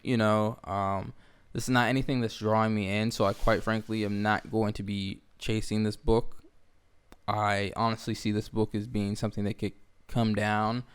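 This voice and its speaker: A man's voice: on the low side, level tone, normal speed, clean tone. A young man co-hosting a casual chat show, laid-back and laughing easily. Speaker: co-host.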